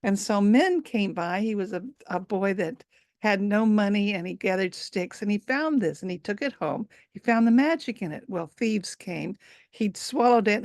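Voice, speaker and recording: Woman storyteller, gravelly voice, live folk tale, unhurried, asides, dry close sound. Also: mid-range voice, no echo.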